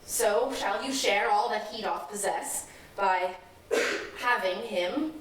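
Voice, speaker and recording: A woman playing a stately noble mother who speaks formally and briskly, in a stage play. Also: mid-range voice, a little hiss or hum, lightly acted. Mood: persuasive. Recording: echoey stage miked from far off.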